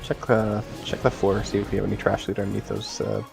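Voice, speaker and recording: A man in casual gaming voice chat, calmly calling out instructions to his group while game music plays. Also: on the low side, quick pace, vocal fry.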